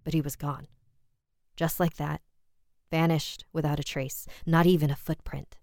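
A woman narrating a first-person horror story in a measured, steady storytelling manner. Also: deep voice, gravelly, no room sound.

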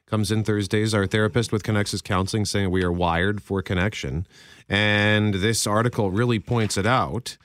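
A man's voice: fairly low pitch, moderate pace, dry recording, studio quality. A middle-aged man, co-hosting a radio show and telling wry anecdotes. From Winnipeg, Canada. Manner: wry storyteller, animated delivery. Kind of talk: casual on-air chat. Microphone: studio microphone.

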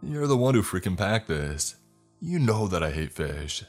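A man voicing a rude, sulky husband who talks snidely and yells. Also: rumbling low, normal speed, soft background music. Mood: yelling. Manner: snide, yelling. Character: surly, rude young husband, sulky and loud.

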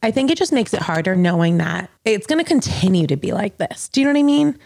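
A woman's voice: mid-range voice, sing-song, quick pace, gravelly, a little mellow, no room sound, studio quality. A woman in her thirties co-hosting a podcast, talking candidly and rambling with lots of fillers, tearful at times. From US East Coast. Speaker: podcast co-host. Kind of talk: casual chat.

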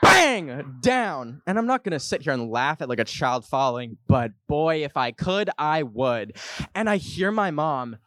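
A young man hosting a podcast, telling a comic story to a live audience in an animated, jokey way. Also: moderate pace, no room sound. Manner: animated, jokey, puts on high voices for quotes. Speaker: podcast host.

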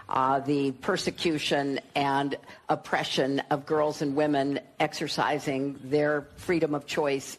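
A woman giving a measured public speech, deliberate and pausing between phrases. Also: low voice. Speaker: speaker at a summit.

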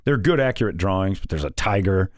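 A man co-hosting a podcast in casual banter, sarcastic and mocking, often slipping into quick mock voices. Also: sits low, animated, no room sound, clean studio sound. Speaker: podcast co-host.

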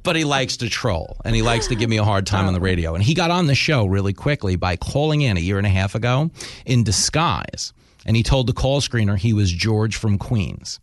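A man's voice: lowish voice, fairly quick, dry recording, clean studio sound. A man with a New York accent, a radio host and comedian, chatting casually in an interview and acting out voices in his stories. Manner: animated storyteller, acts out voices in anecdotes.

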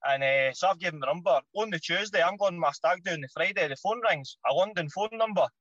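Scottish ex-footballer guest, slangy storyteller, bright tone, rapid delivery. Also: male voice, high-pitched, no room sound, lo-fi sound. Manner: animated, swears freely, slangy. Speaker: podcast guest, former footballer. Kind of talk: casual anecdote telling.

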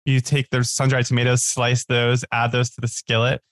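A man's voice: medium pitch, monotone, moderate pace, dry recording. Chatty man telling food stories, dry close sound. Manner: chatty storyteller, many likes and restarts. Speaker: podcast guest. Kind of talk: casual chat.

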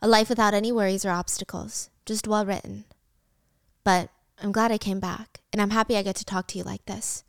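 Woman reading a gentle young man in charge, calm and measured, smooth clear voice. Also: mid-range voice, dry recording, studio quality, close to an everyday voice. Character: gentle, thoughtful young male executive.

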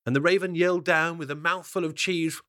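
A man narrating a children's fable in a playful, expressive way, with chatty asides to the listener. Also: a little high, fast talker. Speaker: storyteller.

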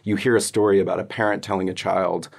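A man interviewing a guest, asking thoughtful, measured questions. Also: low voice, flat delivery, creaky, slightly rough. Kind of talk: conversational interview.

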